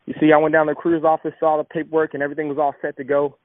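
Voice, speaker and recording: A man's voice: on the high side, completely flat delivery, rapid-fire, no echo. A young man earnestly telling a heartfelt personal story of hardship and faith. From Southern California. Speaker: speaker. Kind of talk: personal testimony talk. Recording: thin phone-like sound.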